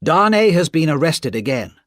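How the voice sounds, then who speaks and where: A woman voicing a calm, composed gentleman who speaks firmly in a read-aloud story. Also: a little high, moderate pace, no echo, studio quality, voice pushed up.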